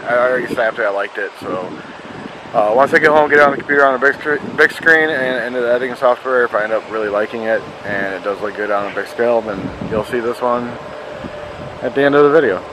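A man's voice: mid-range voice, fairly quick, noisy background. A man chatting casually on a nature trail walk, rambling and self-deprecating, trailing off mid-thought. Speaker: family member taking photos. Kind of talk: casual vlog chat.

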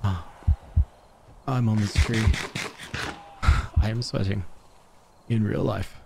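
Guy narrating his game slowly, jumps from panic to dry jokes, rough gravelly voice, lots of noise behind. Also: lowish voice. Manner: excitable, panicky outbursts and self-mocking asides. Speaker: gaming let's-play host. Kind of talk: casual gameplay commentary.

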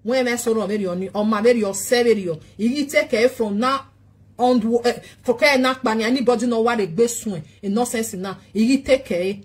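A woman's voice: a little high, brisk, slightly rough. A woman with a Nigerian accent pleading at length in a casual talk show monologue, repeating short questions.

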